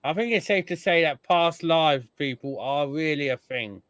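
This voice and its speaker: A man's voice: a little high, animated, moderate pace, fairly bright tone. A man hosting a casual podcast chat, telling stories and mimicking the people he describes. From United Kingdom. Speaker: podcast host.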